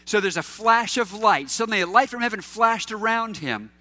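Pastor, male, middle-aged; high, forceful voice, easygoing anecdotal preaching with fillers. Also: lively intonation, normal speed, faint music behind. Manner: casual and anecdotal, with fillers and repeats. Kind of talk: conversational sermon.

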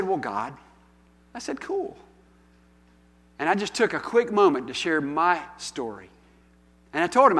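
A man's voice: sits high, a bit bright. Preaching man in a reverberant hall. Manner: storytelling, conversational preaching with rising emphatic calls. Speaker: pastor. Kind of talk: sermon. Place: church hall.

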